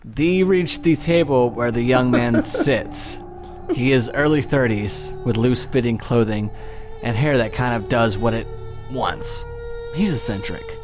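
A man's voice: medium pitch, a little slow, music in the background. Joking man narrating a tabletop game. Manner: joking, swears. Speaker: game master.

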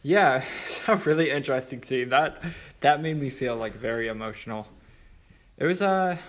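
A man's voice: medium pitch, expressive, normal speed. A man co-hosting a casual film podcast, mostly agreeing with short "yeah"s and adding brief reflections. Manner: agreeable, soft-spoken, many "yeah" replies. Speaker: podcast co-host.

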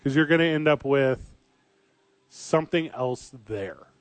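A man's voice: medium pitch, unhurried, dry recording. Joking guy with a dry close sound. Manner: joking, rambling, riffs with fillers. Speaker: podcast co-host. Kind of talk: casual sports chat.

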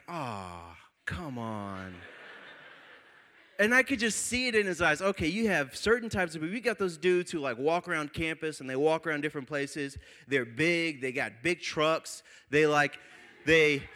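A man's voice: sits high, pushed and bright. A young man preaching to a college group, telling a funny personal story with laughs before moving into scripture. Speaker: pastor.

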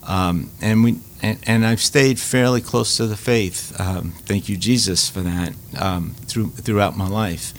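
Deep-voiced man, halting. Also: slight background noise. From Louisiana. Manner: halting, repeats words, many fillers. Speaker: Catholic food ministry leader. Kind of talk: casual interview storytelling.

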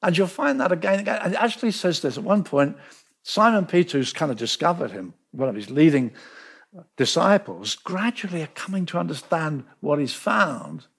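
A man preaching a sermon, telling the story with lively emphasis and repeating words to drive points home. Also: on the high side, normal speed, gravelly, slightly rough. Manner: animated storytelling, acting out quoted voices.

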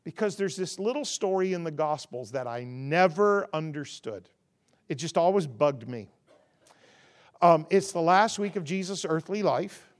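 A man preaching as a guest, stacking rhythmic contrasts that swell loud and then dropping into a relaxed, conversational and humorous storytelling tone. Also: measured pace. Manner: rhythmic call-and-response contrasts, rising to loud emphasis then dropping low. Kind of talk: sermon.

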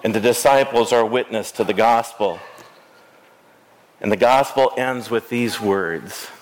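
A man preaching a sermon in a church, telling the stories slowly with dramatic pauses. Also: fairly low pitch, slight background noise. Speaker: pastor. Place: church sanctuary.

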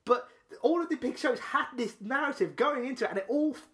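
A man co-hosting a podcast, telling a long story in casual chat, excitable and full of restarts and laughs. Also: very high voice, brisk. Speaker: podcast co-host.

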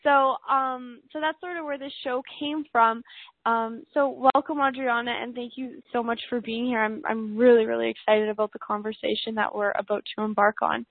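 A woman hosting a radio talk show, speaking casually with a slightly hoarse, deep yet squeaky voice and lots of fillers and restarts. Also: fairly even intonation, moderate pace, no echo. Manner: rambling, many fillers and restarts. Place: home in a city high-rise. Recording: phone-like narrow line.

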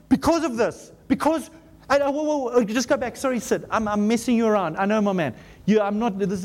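A middle-aged male pastor preaching in a church, joking with the congregation and reading scripture slowly and emphatically. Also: very high voice. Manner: animated, joking, with shouted exclamations. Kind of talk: sermon. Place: church auditorium.

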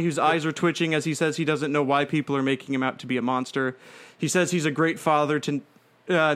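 A man's voice: fairly high pitch, a bit bright. A man narrating a made-up wrestling show play by play, rambling with fillers and restarts. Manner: rambling, frequent fillers and restarts, breaks into laughter.

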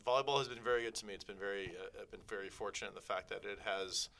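A man in his thirties, a volleyball head coach guesting on a podcast, telling animated stories in casual interview chat. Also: fairly low pitch, gravelly. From Chicago, raised in Las Vegas. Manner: fast, animated storyteller, quick asides.

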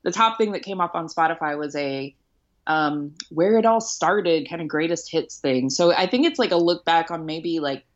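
A woman's voice: sits low, moderate pace, lo-fi sound. A woman in her late thirties from Houston, chatting casually as a podcast host in a wry, self-mocking way with plenty of ums and likes. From Houston, United States. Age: late 30s. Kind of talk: casual chat.

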